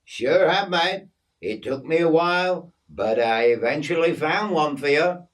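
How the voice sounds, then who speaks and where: Man putting on a grinning Australian bush mate, raised voice, breezy slang, slow easy pace. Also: a little high, lively intonation, voice pushed up. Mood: cheery. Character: cheerful Australian outback bloke, friendly and grinning.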